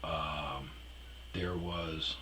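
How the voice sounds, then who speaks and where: Low-voiced man telling a rambling story. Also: steady tone, very slow, pushed and bright, slight background noise, low-quality recording. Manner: profane, rambling, trails off with fillers. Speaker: storyteller host. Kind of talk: casual storytelling monologue.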